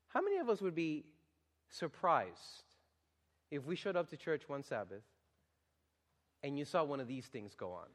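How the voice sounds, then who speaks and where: A young man preaching a sermon, reading scripture and telling a personal story, swinging from loud exhortation to hushed, quiet storytelling. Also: high-pitched.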